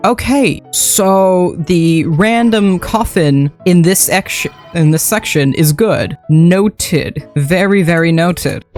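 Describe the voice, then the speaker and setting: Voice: medium pitch, a little mellow. A gameplay commentator talking casually while playing, rambling and correcting themself with playful asides.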